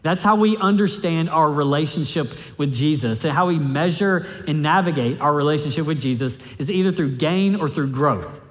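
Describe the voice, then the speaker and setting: Casting: male pastor, fairly high voice, conversational sermon delivery, long hall reverb. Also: moderate pace, hardly any pauses. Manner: conversational preaching, repeats key phrases for emphasis.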